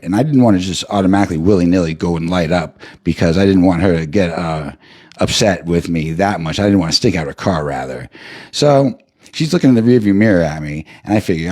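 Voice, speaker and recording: Husky, profane storytelling man. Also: low-pitched, fast talker. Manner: profane, rambling, animated. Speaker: livestream host. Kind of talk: casual storytelling.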